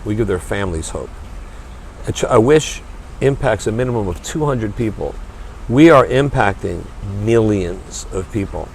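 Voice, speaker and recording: A man's voice: lowish voice, lively intonation, normal speed, gravelly. Male guest, passionate and emphatic, restarts sentences; light street noise in the background. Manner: earnest, emphatic, repeats words when starting sentences. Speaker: restaurant owner and charity chairman, guest. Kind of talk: passionate interview talk.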